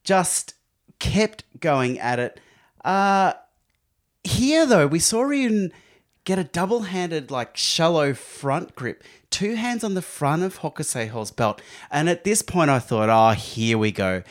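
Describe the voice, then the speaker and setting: A man's voice: high-pitched, sing-song, takes it slowly. A man co-hosting a casual sports podcast, joking and playful as he retells the action. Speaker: podcast co-host.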